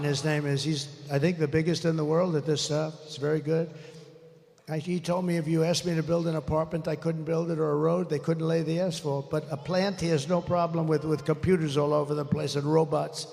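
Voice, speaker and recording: A man's voice: on the high side, fairly even intonation, fairly quick, creaky, darkish tone. A man in his seventies gives a rambling, off-the-cuff rally speech into a stage microphone, boasting and grumbling with occasional swearing. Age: 70s. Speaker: political rally speaker. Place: large rally venue. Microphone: stage microphone over PA. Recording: reverberant rally venue with faint ambience.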